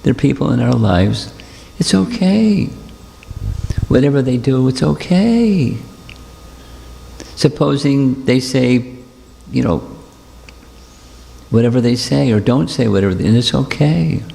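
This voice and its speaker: A man giving a devotional talk and answering questions, speaking in a gentle, repetitive, reassuring way. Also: medium pitch, moderate pace, vocal fry. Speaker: spiritual teacher. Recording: long hall reverb.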